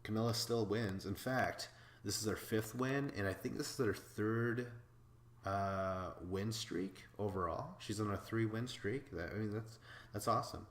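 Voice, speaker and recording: Man from Wisconsin, podcast host, casual recap, swears a lot, lowish voice, roomy echo. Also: unhurried. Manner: excitable, swears freely, laughs while talking.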